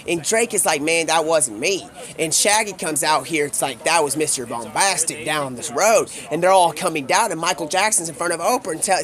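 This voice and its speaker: A male streamer spins a long improvised tale in loose, slangy speech, jumping between voices for the people he quotes. His voice sits a bit on the high side for a man. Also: a bit bright. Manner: rambling, drawling slang, quick voice switches for quoted characters. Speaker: streamer telling a made-up story. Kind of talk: rambling improvised storytelling. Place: home streaming setup.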